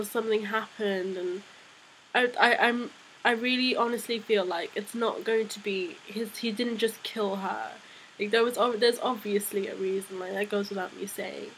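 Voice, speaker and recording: Young woman, fan vlog review, rambling and excitable, a little under the weather, mid-range voice, faint noise behind. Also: medium pitch, normal speed, low-quality recording. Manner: chatty and excitable, rambling with many fillers. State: unwell, voice sounding off. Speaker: manga reviewer.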